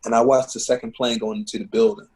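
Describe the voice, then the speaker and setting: The man's medium-pitched, darkish voice is flat and fast over slight background noise on a rough recording. He's a Baltimore musician and teacher sharing heartfelt, earnest stories in a relaxed living-room interview, often saying "man" and "you know."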